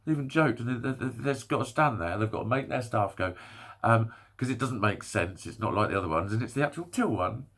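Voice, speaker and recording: A man's voice: medium pitch, lively intonation, fairly quick, a bit bright. A young English man delivering a sweary, exasperated rant to camera, breaking off to laugh between points. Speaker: vlogger. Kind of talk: ranting monologue.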